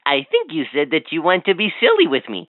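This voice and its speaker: A woman's voice: deep voice, wildly swooping pitch, fairly quick. A woman voicing a cheerful talking toy that tells knock-knock jokes and coaxes a child to answer. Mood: coaxing. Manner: coaxing, prompting the child to answer. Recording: tinny lo-fi toy speaker.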